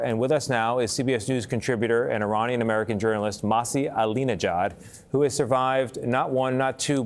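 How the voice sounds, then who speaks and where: Measured male news anchor. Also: medium pitch.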